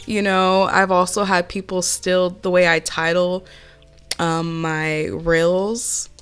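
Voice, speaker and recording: A woman with a somewhat low, congested, nasal voice, sick with a cold, talks through a casual home voiceover. She is chatty and candid and drops in plenty of fillers. Faint music plays underneath. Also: fairly bright tone, clean tone. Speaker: press-on nail artist and channel host. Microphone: home voiceover mic.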